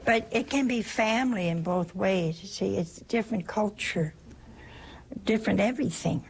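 An older woman from the United States, a religious sister giving an informal spiritual talk in a chatty, anecdotal and gently humorous way. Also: medium pitch, normal speed, creaky, breathy edge.

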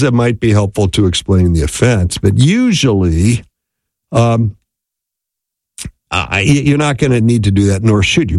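A man giving a relaxed, conversational teaching talk on marriage, often checking in with "right?" and "okay?". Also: medium pitch, no room sound. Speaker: speaker on marriage.

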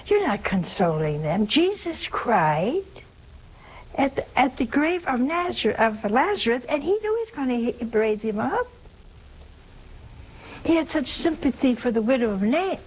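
A woman's voice: high-pitched, sing-song, measured pace, long pauses, a little hiss or hum, rough recording. A woman giving an informal sermon in a homey, humorous way, asking her listeners rhetorical questions. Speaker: religious speaker.

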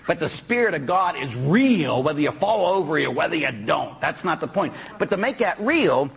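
A man's voice: on the high side, very animated, normal speed, gravelly, slightly rough. A man who is a Catholic priest, preaching a sermon through chatty personal stories and often tagging his sentences with "huh?". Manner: chatty storyteller, tags lines with "huh?"; acts out voices of people in his stories.

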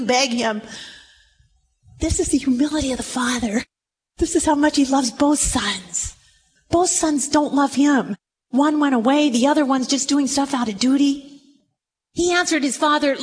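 A woman's voice: high-pitched, a little fast, a little hiss or hum. A middle-aged woman preaching a sermon to a gathered room, acting out the quoted lines with drama.

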